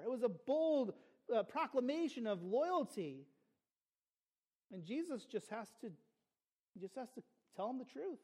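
A man's voice: extremely high pitch, big pitch swings, unhurried, pauses often, a little mellow, slightly rough. A man preaching a sermon as pastor, earnest and conversational, with playful asides to the congregation.

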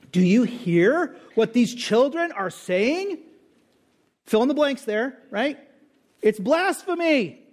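Male pastor, very high-pitched, lively expository sermon with rhetorical questions. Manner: animated, conversational, rhetorical questions.

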